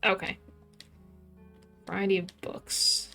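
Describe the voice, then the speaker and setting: A woman streamer playing through a game, chatting casually and reading each line of dialogue aloud in light, playful character voices. Her voice sits at an ordinary middle pitch, with faint game music underneath. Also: little pitch movement, slow, vocal fry, sharp tone.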